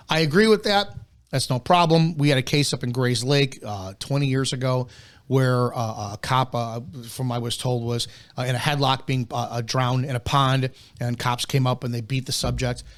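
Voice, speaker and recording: A man hosts a live commentary show and lectures officers in a blunt, insistent way. His voice sits at a middle pitch for a man. He hammers key words by repeating them and trips over frequent false starts. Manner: blunt, emphatic, repeats key points, swears; stumbles and restarts often. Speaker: host of a live policing analysis show.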